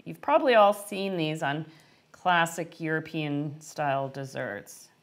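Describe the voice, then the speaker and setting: A middle-aged woman hosting a live-stream baking lesson, chatting warmly and answering viewers' questions as she works. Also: low voice, unhurried. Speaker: baking instructor.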